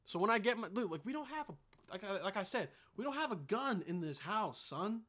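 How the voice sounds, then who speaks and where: A man's voice: high voice, very animated, a little fast, a bit bright. A young man vlogging to camera in a profane, rambling, heated rant full of fillers.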